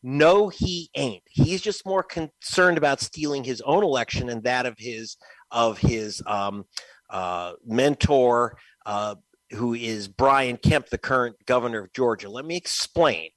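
A man's voice: medium pitch, measured pace, a bit bright, no room sound. A man, a guest investigative reporter, giving emphatic, scornful political commentary with frequent laughs.

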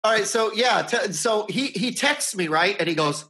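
A man's voice: high voice, animated, moderate pace, bright, forceful tone. A man co-hosting a podcast, chatting casually and joking as he retells a story. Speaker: podcast co-host. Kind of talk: casual chat.

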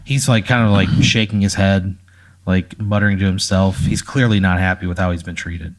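A man's voice: deep voice, steady tone, normal speed. A man acting as game master, narrating an improvised scenario in a loose, filler-heavy way.

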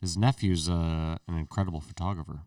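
Low-voiced teasing man on a podcast. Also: steady tone, a little fast, a little mellow, no echo, studio quality, distant mic. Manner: teasing, storytelling, swears. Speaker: podcast co-host. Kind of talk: casual chat.

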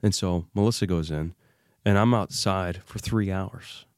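A man as an interview guest, recounting a personal crisis in an animated way and acting out the dialogue he remembers. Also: low voice, unhurried, no room sound, clean studio sound. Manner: animated retelling, acts out remembered dialogue, many fillers. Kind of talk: emotional personal storytelling.

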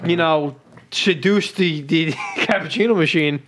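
A man's voice: on the high side, a bit bright. A young man co-hosting a podcast, joking around and laughing with friends. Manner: jokey, quick to laugh. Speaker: podcast co-host. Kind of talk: casual chat among friends.

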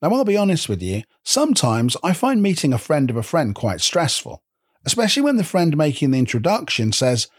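Husky-voiced wry male narrator. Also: on the high side, wildly swooping pitch, brisk, no echo. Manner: dry, wry. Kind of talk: scripted narration.

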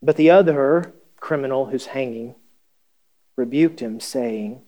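A pastor preaching a conversational sermon, reading scripture and asking the congregation questions with wry humor. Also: male voice, mid-range voice, measured pace, mellow.

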